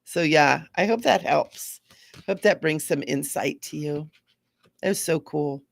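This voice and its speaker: A woman's voice: low voice, unhurried, gravelly, no room sound. A woman hosting a live spiritual card reading, chatty and affirming, repeating mantras to her viewers. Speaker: intuitive card reader.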